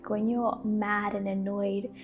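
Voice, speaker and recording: A young woman giving gentle, casual lifestyle advice to camera, laughing often and saying "like" a lot. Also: medium pitch, level tone, slow pace, phone-quality sound. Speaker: lifestyle vlogger. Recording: faint background music.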